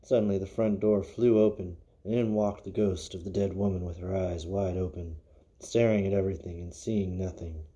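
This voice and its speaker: Low, dark-voiced male podcaster. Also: steady tone, normal speed, breathy edge. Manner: casual, musing, voice drops low and quiet at ends of phrases. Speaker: podcast host. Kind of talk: unscripted podcast monologue and story reading.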